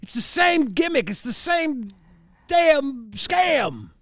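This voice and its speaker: A man hosting a live show, brash and provocative, ranting in loud comedic banter. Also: very high-pitched, very animated, takes it slowly, dry recording. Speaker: host.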